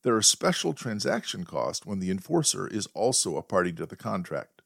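Man, podcast host, deadpan storytelling, lively intonation, dry close sound. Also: deep voice, moderate pace, gravelly, dry recording. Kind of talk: storytelling monologue.

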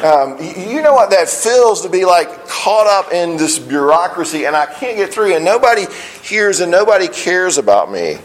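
A man preaching a sermon as pastor, earnest, often restarting phrases and slowing down on key lines. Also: sits high, big pitch swings, rough recording. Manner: earnest, repeats words when starting phrases, slows on key lines.

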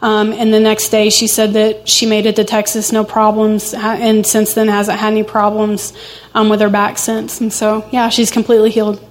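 A woman's voice: mid-range voice, monotone, moderate pace. A woman telling a church testimony in a casual, chatty way, full of fillers and "like". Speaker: church member giving a testimony.

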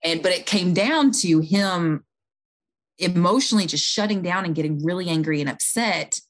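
A woman's voice: lowish voice, moderate pace. A woman who works in home health, earnestly explaining a patient story in a conversation, with fillers and restarts along the way.

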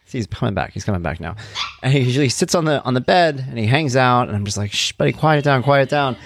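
A middle-aged man hosting his own podcast from home, talking in a relaxed, chatty monologue. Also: mid-range voice, fast talker, gravelly, no room sound, studio quality. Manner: relaxed, conversational, chatty asides. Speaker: podcast host. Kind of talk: casual personal monologue. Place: home room.

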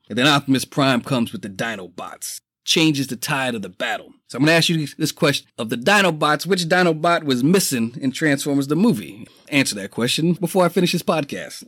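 A middle-aged man from the Bronx, hosting a casual solo podcast, telling stories excitedly, swearing freely and laughing often. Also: mid-range voice, dry recording, studio quality. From the Bronx, New York. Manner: excitable, profane, laughing storyteller. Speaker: podcast host.

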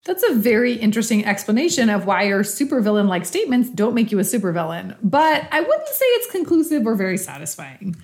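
A woman's voice: fairly high pitch, sing-song, fairly quick, few pauses, a little mellow. A woman reading the part of a skeptical challenger who questions a utilitarian in a scripted philosophical dialogue, probing and doubtful.

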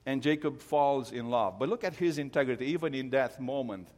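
A man's voice: medium pitch, brisk, a little mellow. A middle-aged man from Romania, preaching a sermon as an earnest storyteller who often restarts his sentences. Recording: long hall reverb.

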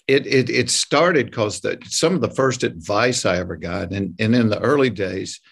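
His lowish voice moves at a moderate pace, with vocal fry and a breathy edge. He's a Georgia comedian with a Southern US accent, guesting in a casual interview and telling lively, down-to-earth, folksy stories.

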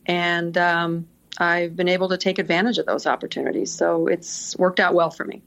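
A woman's voice: fairly low pitch, steady tone, moderate pace, gravelly, fairly bright tone. Chatty laughing woman on a dull recording. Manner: chatty, laughs often while telling stories. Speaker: podcast guest, senior executive assistant. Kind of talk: casual interview storytelling.

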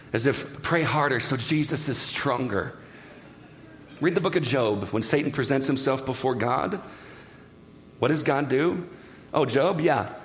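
A man preaching a sermon in an animated, joking way, talking straight to the congregation. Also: medium pitch, a little hiss or hum. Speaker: pastor.

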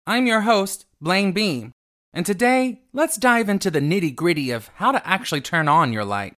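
Male host for a self-help radio show, flamboyant and theatrical, very animated pitch. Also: normal speed. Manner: theatrical, calls listeners darling.

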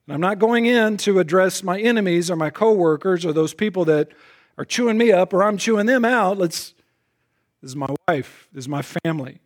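A male pastor delivering a sermon in a voice pitched a little above most men's. He is emphatic, doubles words as he starts a phrase, and drops into quiet asides before punching his points again. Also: a little fast. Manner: swings between loud punches and soft lowered asides.

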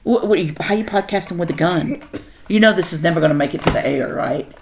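A woman's voice: lowish voice, fast talker, background noise. A middle-aged woman hosting a casual podcast chat at home with her son, teasing and laughing. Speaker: podcast host.

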